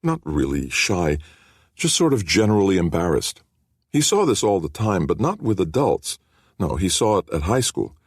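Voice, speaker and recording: A man narrating an audiobook with expressive storytelling. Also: sits low, normal speed, breathy edge, no echo, clean studio sound. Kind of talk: scripted narration.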